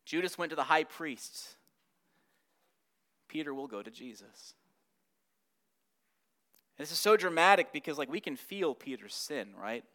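A man's voice: medium pitch, sharp tone. A man teaching a Bible study lesson, acting out the quotes with rising and falling intensity.

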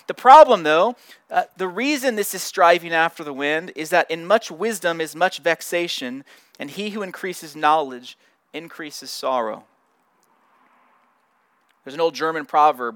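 A man's voice: a little high, moderate pace, fairly bright tone, dry recording. A man, a pastor, preaching a sermon in an earnest, conversational way, often repeating words as he restarts his sentences.

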